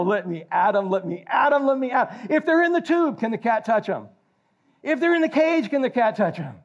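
An older man preaching a sermon, animated and jokey, quizzing the congregation. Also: very high-pitched. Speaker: pastor. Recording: slightly dull lo-fi recording.

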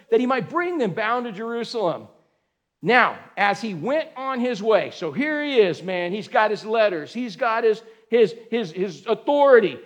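High-voiced animated preacher man. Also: a little slow. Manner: animated, acts out scenes with sudden shouts; folksy, says man and dude. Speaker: pastor. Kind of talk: sermon.

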